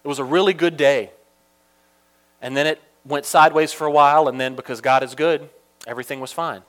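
A young man from Georgia telling a funny personal story in an animated, chatty way, full of asides. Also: on the high side, fairly quick.

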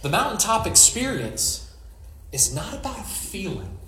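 A man's voice: high voice, huge pitch swings, unhurried, bright, forceful tone, echoey room, a little hiss or hum. A male pastor giving a conversational sermon, retelling scripture with jokes and storytelling asides.

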